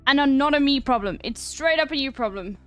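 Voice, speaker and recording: A young South African woman with a South African accent, casually chatting to her live-stream viewers, blunt and quick to swear. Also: sits high, animated, a bit bright, faint music behind. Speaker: livestreamer.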